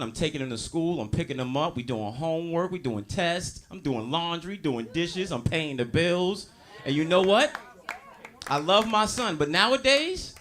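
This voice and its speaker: A man doing a stand-up comedy set on a club stage, loud and storytelling, working the crowd. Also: a little high, slight background noise.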